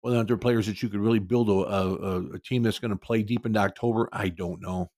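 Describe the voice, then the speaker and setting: A man's voice: lowish voice, steady tone, fast talker, a little mellow, no echo, studio quality. A man hosting a sports talk show, ranting in frustration with mocking quotes.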